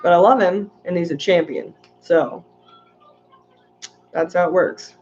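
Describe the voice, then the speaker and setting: A woman's voice: lowish voice, unhurried, a little mellow, highs cut off, a little hiss or hum. A woman hosting a casual livestream, chatting in a rambling way and reading viewer comments aloud. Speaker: aquarium channel host.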